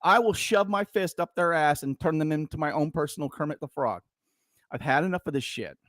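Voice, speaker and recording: A middle-aged man on a podcast, ranting with heat and plenty of swearing. His voice sits a little high for a man, and the sound is dry and close to the mic with almost no room around it. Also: brisk, no room sound. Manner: heated, profane, shouting rant. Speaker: podcast co-host, veteran. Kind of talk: casual podcast rant.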